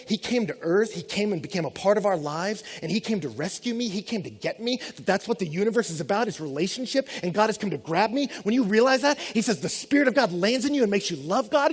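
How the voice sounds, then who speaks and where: A high-voiced man delivers a sermon with lots of energy, switching into playful voices for the people he quotes. His voice rings out with a long reverb, as in a large church hall. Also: husky. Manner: animated, acts out quoted voices. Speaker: pastor.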